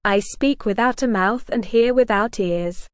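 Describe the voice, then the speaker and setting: A woman voicing a wise, dapper old male frog who keeps riddles, speaking in a formal, measured way. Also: a little high, smooth, no room sound, studio quality, lightly acted.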